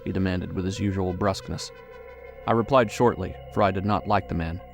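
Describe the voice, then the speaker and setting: A man narrating a horror audiobook in a measured, suspenseful way. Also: low-pitched, little pitch movement, creaky, a little mellow, soft background music.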